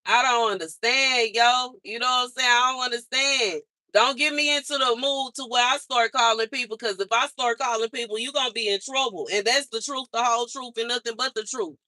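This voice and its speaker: A woman venting to her livestream viewers in a loose, slangy rant, circling back to how tired and fed up she is. Her voice is bright and sharp-edged, and it sits dry and close with no room sound around it. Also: on the high side, steady tone, fairly quick, dry recording. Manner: exasperated venting, repeats herself, slangy.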